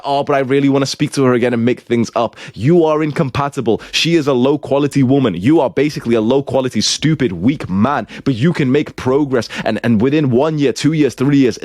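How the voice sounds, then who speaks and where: A man's voice: mid-range voice, darkish tone, no room sound, clean studio sound. A young man giving blunt, crude, scolding relationship advice as a show host. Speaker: self-improvement advice host.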